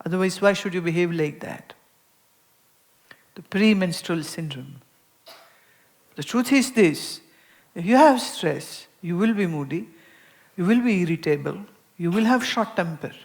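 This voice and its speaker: A woman's voice: on the low side, a little slow, long pauses. A woman, a spiritual teacher giving a public talk, telling everyday stories and repeating words for emphasis. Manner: animated storytelling, acting out everyday dialogues.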